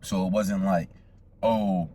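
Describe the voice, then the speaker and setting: A man's voice: low voice, normal speed, a little hiss or hum. A young man casually telling a profane, slangy story straight to his viewers as a vlogger.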